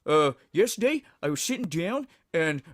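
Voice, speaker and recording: A man's voice: a little high, very animated, no room sound, studio quality. A man doing a mocking impression of a self-important male streamer who rambles and drags out his sign-offs. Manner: rambling, drawn-out "you guys" endings.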